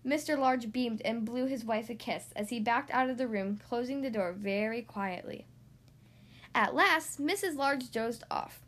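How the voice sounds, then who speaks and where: A woman reads a children's picture book aloud, narrating with an expressive, animated lilt. Her voice is notably high. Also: normal speed, few pauses. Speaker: reader. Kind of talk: reading a storybook aloud.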